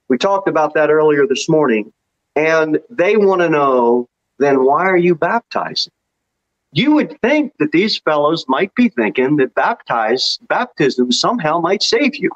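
A man's voice: a little high, animated, unhurried, dull audio. A man preaching a sermon as pastor in a church, reading scripture aloud with emphasis.

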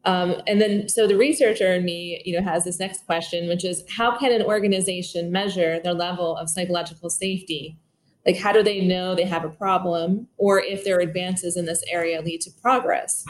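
A woman's voice: lowish voice, fairly even intonation, normal speed. A woman podcast host and behavioral scientist asking polite, formally worded prepared questions. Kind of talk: interview questions.

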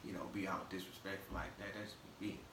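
This podcast host, from the American South but raised in Michigan, has a light Southern accent blended with Detroit and talks in a loose, slangy way with many restarts. His voice is deep and level, and he speaks quickly. It's casual podcast chat on a live stream, captured with an echoey, distant mic and faint noise.

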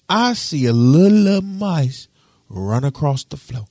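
Animated young man telling stories. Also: unhurried, no echo, clean studio sound. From Detroit. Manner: animated, slangy, swings from loud exclamations to low muttering. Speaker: podcast host. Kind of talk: casual storytelling monologue.

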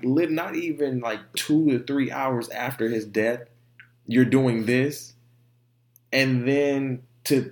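Heated, profane young man in echoey room. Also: medium pitch. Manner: heated, profane, repeats himself. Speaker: podcast host. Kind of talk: solo casual podcast rant. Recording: roomy echo.

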